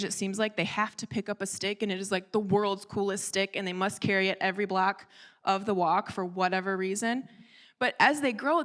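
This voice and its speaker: A woman delivers a church sermon as a lively personal story. She talks in a casual, conversational way, full of asides, and acts out the dialogue of the people in it. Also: medium pitch. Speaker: church speaker.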